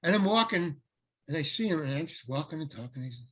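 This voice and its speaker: An older male actor, a guest on an interview, telling rambling, animated anecdotes full of restarts. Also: a little high, fast, slightly rough. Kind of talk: casual storytelling interview.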